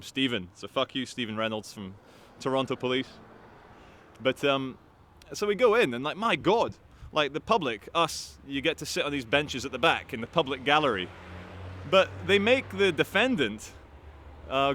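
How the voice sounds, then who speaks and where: A man telling a story to camera in an animated, profane, rambling way. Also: medium pitch, a little hiss or hum. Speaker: activist vlogger.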